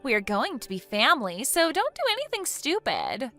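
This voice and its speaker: A woman's voice: high-pitched, wildly swooping pitch, normal speed, pushed and bright, faint music behind, exaggerated voice. A synthetic woman's voice playing an entitled young woman who talks in an indignant, self-pitying way.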